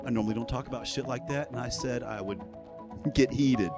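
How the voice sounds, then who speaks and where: A man's voice: mid-range voice, brisk. Profane, heated man ranting over music. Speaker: news commentator. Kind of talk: ranting casual commentary.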